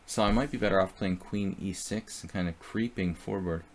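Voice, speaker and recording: A man's voice: low voice, moderate pace, slight background noise. A man streaming live chess, thinking aloud about his moves and chatting casually with viewers.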